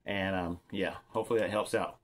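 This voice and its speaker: A man's voice: low-pitched, steady tone, a little fast. A middle-aged man from California who runs his own channel, casually showing off cheap microphone gear and giving tips in a rambling, repetitive way, talking straight to his viewers. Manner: rambling, repeats himself, talks straight to viewers. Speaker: vlogger reviewing gear. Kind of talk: casual show-and-tell demo.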